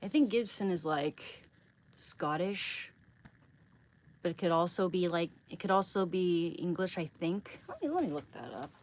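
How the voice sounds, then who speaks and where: A woman's voice: lowish voice, very animated, moderate pace, rough recording. A woman from Oregon chatting casually on a livestream, rambling and greeting viewers by name. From Oregon, USA.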